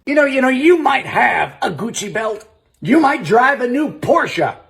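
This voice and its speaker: A man's voice: extremely high pitch, big pitch swings, a little slow, gravelly, fairly bright tone, slightly rough. A man doing goofy comedy sketch banter, mock-serious and boastful.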